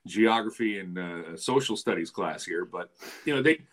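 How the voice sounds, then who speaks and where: A man with a fairly low voice, a hockey play-by-play announcer who is a guest on a fan podcast. He tells rambling stories over a video call, often laughing and restarting his phrases. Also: lively intonation, normal speed, fairly bright tone. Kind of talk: casual chat.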